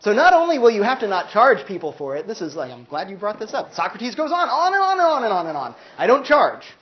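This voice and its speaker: Captured on dull audio, a man with a high, wildly swooping voice lectures fast on philosophy in a university classroom. His casual, conversational style leans heavily on "like" and on acting out quoted voices.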